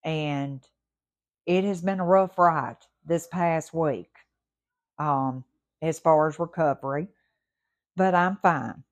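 A woman from the Mississippi Gulf Coast with a Southern accent, hosting a motivational podcast in a warm, folksy, repetitive way while recovering and a little short of breath. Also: low voice, slow, long pauses. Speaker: podcast host. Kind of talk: encouraging motivational podcast talk.

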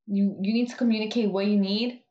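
A woman's voice: medium pitch, fairly even intonation, brisk. A young woman in casual chat, bluntly retelling workplace drama with lots of swearing and fillers. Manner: blunt, profane, full of "like" and "dude". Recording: roomy, dull, lo-fi with faint hiss.

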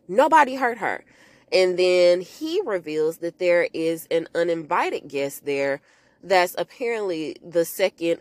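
A woman casually recapping a movie for her podcast listeners, telling it in an animated way and acting out the characters' lines. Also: lowish voice, no room sound. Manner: animated storytelling, talks to listeners as "y'all", acts out quotes in character voices. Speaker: podcast host recapping a film.

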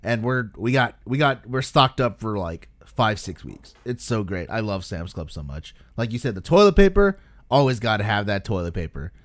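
A man's voice: on the low side, big pitch swings, normal speed, no room sound. An enthusiastic young man chatting on a podcast, casual and loose with his language. His voice is recorded dry and close, with no room sound around it. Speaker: podcast co-host. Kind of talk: casual chat.

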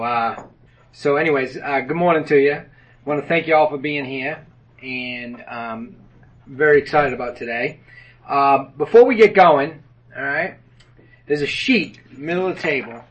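A man's voice: medium pitch, normal speed, pauses often, a bit bright, low-quality recording. A man leading a men's group meeting in a room with tables, talking in a folksy, joking way with many fillers. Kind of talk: casual meeting address.

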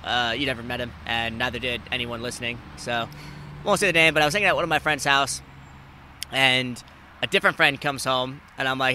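A man in his twenties hosting a podcast, telling stories in casual chat, animated and swearing freely, acting out the people he quotes. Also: brisk, slight background noise. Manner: animated, acts out quoted people with big jumps in pitch and loudness. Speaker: podcast host.

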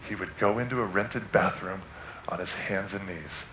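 A man preaching a sermon, telling a personal story with animated swings from loud to hushed. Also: low voice, normal speed, roomy sound, slight background noise. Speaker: guest preacher. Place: church sanctuary.

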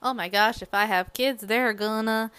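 A woman's voice: a little high, moderate pace, fairly bright tone, clear, resonant tone, dry recording, lightly acted. A woman putting on a fretful Titan king father, in a mock-dramatic, exclaiming way.

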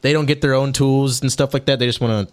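A young man co-hosting a podcast, chatting casually and telling a rambling, animated story with lots of swearing. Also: mid-range voice, quick pace. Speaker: podcast co-host. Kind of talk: casual chat.

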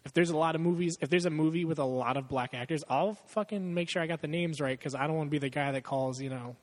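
A man's voice: on the high side, quick pace, long reverb tail. A man in a casual movie chat, rambling and swearing a lot, often breaking into laughter.

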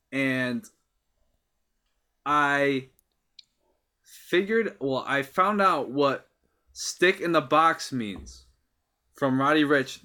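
Young male podcast co-host, bright tone, teasing jokester. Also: medium pitch. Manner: teasing, joking. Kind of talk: casual chat.

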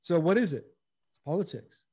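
Emphatic man, high voice. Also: expressive, normal speed, darkish tone, breathy edge. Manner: emphatic, blunt, repeats words for stress, slangy. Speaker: former baseball player as guest. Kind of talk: casual storytelling chat.

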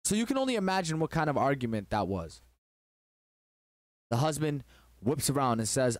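A man's voice: mid-range voice, very animated, normal speed, pauses often, no echo, clean studio sound. A man hosting a relationship advice talk, telling a story in an emphatic, preachy way.

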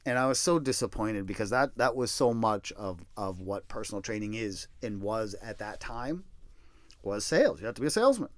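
A middle-aged man telling a personal story in a casual, blunt way, swearing and mocking himself, jumping from loud bursts to low mutters. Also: lively intonation, moderate pace, dry recording. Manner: profane, blunt and self-deprecating.

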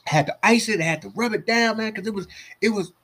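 A casual, drawling male runner who keeps saying "man," pitched well up and a little husky, as a man puts him on in a story. He sounds relaxed and offhand. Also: fast. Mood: sheepish. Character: laid-back male runner who got hurt.

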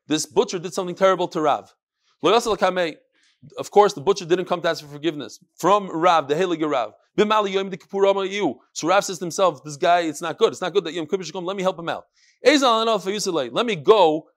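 High-voiced man teaching Talmud. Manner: animated storytelling, acts out the characters. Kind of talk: lively Talmud class, mixing Aramaic and English.

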